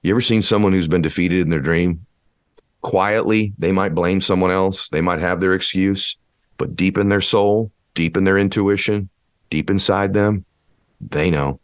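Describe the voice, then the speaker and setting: A man giving a motivational speech, preachy and building to impassioned shouting. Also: low-pitched, normal speed, long pauses, no echo, studio quality. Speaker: motivational speaker.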